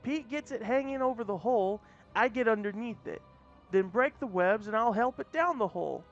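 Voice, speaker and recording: A cocky young fire-wielding hero talks in a brash, excitable rush, as a man reads him in a raised voice. It is a storybook reading with a high, lively pitch. The sound is muffled and lo-fi, with soft music behind. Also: normal speed. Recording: dull lo-fi audio, faint music.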